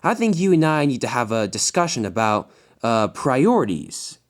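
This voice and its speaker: A man voicing a stern middle-aged railway boss who speaks firmly with businesslike pauses. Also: mid-range voice, big pitch swings, close to an everyday voice.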